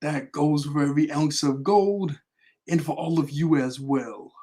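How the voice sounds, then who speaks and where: A man voicing a menacing gold-obsessed villain tycoon, reciting his speech slowly and grandly. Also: a little high, mellow.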